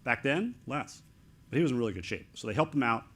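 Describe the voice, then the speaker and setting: A middle-aged man, an author speaking as an interview guest, telling a story in excited, animated bursts of short fragments. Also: medium pitch, quick pace, slightly rough.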